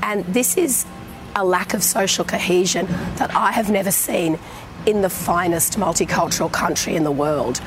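An Australian woman politician on a live TV panel, with a croaky voice and a measured, earnest manner. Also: lowish voice, music in the background. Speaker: politician guest.

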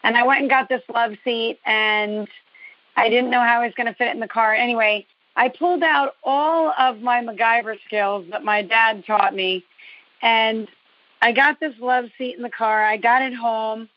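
A woman's voice: on the high side, steady tone, normal speed, dry recording. A woman from New Jersey calling in to a show, telling a long story in a rambling, detailed way with a dash of sarcasm. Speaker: caller. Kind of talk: phone-in storytelling. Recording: dull, dry lo-fi call audio.

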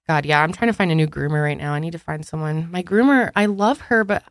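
A woman's voice: low-pitched, quick pace, no echo. A young woman co-hosting a podcast, chatting casually and expressively and swearing now and then. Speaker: podcast co-host. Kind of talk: casual chat.

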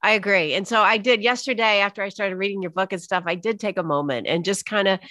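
A woman's voice: mid-range voice, fast, pushed and bright, no room sound. A woman hosting a podcast interview, talking earnestly and openly about her own healing. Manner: earnest, open, reflective. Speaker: podcast host. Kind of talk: casual interview chat.

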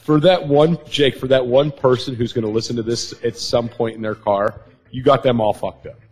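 A man co-hosting a podcast, goofy and crude, tossing out deadpan asides in casual chat. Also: mid-range voice, moderate pace, slightly rough, rough recording. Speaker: podcast co-host.

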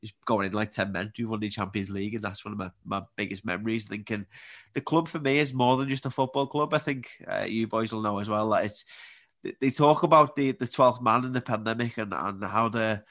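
A man in his twenties with a Scouse accent, chatting as a podcast guest and telling animated stories that he laughs through. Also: lowish voice, fairly quick. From Liverpool area, England. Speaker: guest, Paralympic table tennis player. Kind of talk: casual storytelling.

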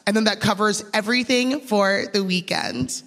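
A woman's voice: mid-range voice, moderate pace, a bit bright, close to an everyday voice. A woman voicing her eager young boyfriend, earnest and upbeat as he lays out plans. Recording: reverberant stage sound with long echo.

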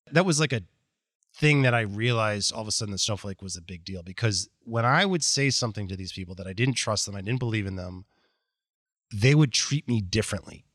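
A man, a company executive as interview guest, telling candid stories in a blunt, animated way and acting out quoted dialogue. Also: on the low side, brisk, dry recording, studio quality. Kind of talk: candid conversational storytelling.

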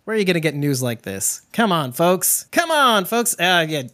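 A man hosting a live stream, chatting casually, excitable, swearing and laughing often. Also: a little high, normal speed, slight background noise. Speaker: livestream host. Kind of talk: casual live chat reacting to news.

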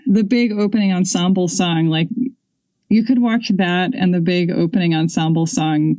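A woman's voice: on the low side, fairly even intonation, normal speed, dark tone, dry recording. An American woman co-hosting a movie podcast, talking in an enthusiastic, rambling way with many fillers. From United States. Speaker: podcast co-host. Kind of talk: casual podcast chat.

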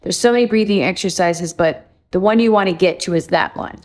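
A woman with a lowish voice hosting an interview. She keeps the talk moving with questions and often repeats her guest's words back to him. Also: a little fast. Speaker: interview host.

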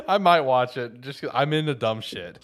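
A man's voice: mid-range voice, big pitch swings, normal speed. A man co-hosting a casual podcast, laid-back and loose, swearing often and trailing off with fillers. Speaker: co-host.

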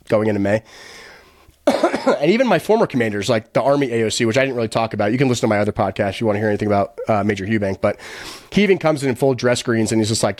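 An American man, a guest on a podcast, tells his story bluntly in a casual interview, swearing and quoting the people involved as he retells events. His voice is fairly low, and the recording is dry with clean studio sound.

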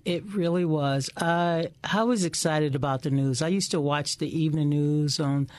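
A middle-aged woman, a guest in an interview, telling lively stories about her past and often repeating words as she starts a sentence. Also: low voice, normal speed, dry recording. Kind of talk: casual interview storytelling.

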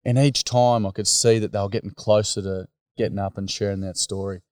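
A man's voice: on the low side, steady tone, fairly quick, darkish tone, no room sound, clean studio sound. A man with an Australian accent, a workshop facilitator, speaking frankly and casually in an interview, acting out quotes as he tells stories. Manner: blokey, frank, storytelling with acted quotes.

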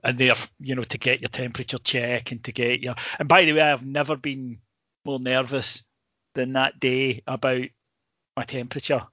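A man's voice: medium pitch, sharp tone, no room sound. A Scottish man, a sports journalist, telling a rambling, emotional story in casual chat, full of restarts.

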